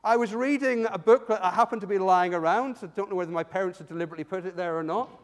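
A man preaching a sermon in church, animated storytelling that swings from loud to hushed. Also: high voice, racing. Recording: long hall reverb.

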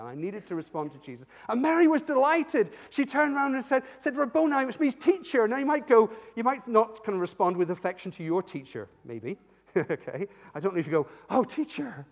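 A man preaching a sermon in church, animated storytelling that swings from loud to hushed. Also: high-pitched, a little fast. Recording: long hall reverb.

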